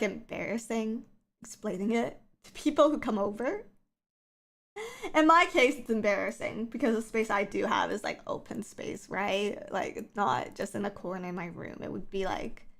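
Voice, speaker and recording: A woman's voice: medium pitch, fairly bright tone. A woman streamer chatting casually on a livestream, rambling with lots of fillers, her voice scratchy from the early morning.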